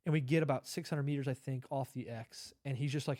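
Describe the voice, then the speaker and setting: Talking fast in a steady, mid-range voice with a darkish tone, this Army veteran recounts a long personal story as a podcast guest in a casual interview. He rambles, uses plenty of fillers and restarts, and performs the dialogue he quotes. The clean studio sound has no room sound.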